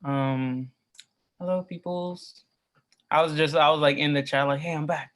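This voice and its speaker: A man poet performing spoken word over a video call, measured and understated. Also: a little high, steady tone, a bit bright.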